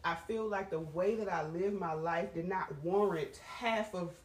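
A woman talking in a candid, casual chat, animated and frank, with plenty of profanity. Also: fairly low pitch, unhurried, a little hiss or hum. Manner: animated, frank and profane, swings between laughter and strain. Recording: roomy sound from a distant mic.

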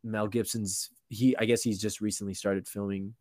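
A man's voice: lowish voice, level tone, moderate pace, warm tone, no room sound, studio quality. A young man, a podcast guest, telling a story in a casual, slangy way, full of "like" and restarts.

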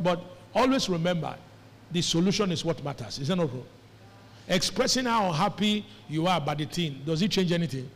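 Pastor, high voice, lively preaching with call-and-response, reverberant hall. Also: male voice. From Nigeria. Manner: animated, calls on the congregation to respond. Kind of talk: sermon. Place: church hall. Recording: echoey church hall.

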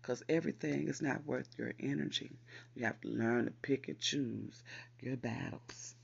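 Host voice: a man with a husky, gravelly tone, leading affirmations, lo-fi recording. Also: medium pitch, steady tone. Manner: repeats lines slowly for emphasis, encouraging. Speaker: podcast host. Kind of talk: spoken affirmations.

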